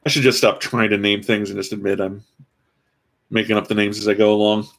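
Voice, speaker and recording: Gravelly man chatting while building. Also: on the low side, flat delivery, fairly quick, a bit bright. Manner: rambling, dry self-mocking asides. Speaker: vlogger building a toy kit. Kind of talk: casual live-stream commentary.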